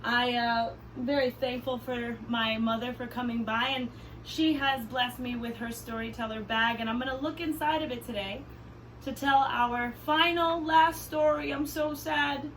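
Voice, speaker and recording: A woman teaching young children in a playful, animated way, with many excited exclamations. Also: fairly high pitch, moderate pace, far from the mic, a little hiss or hum. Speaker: arts camp teacher. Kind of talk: children's lesson with pretend play.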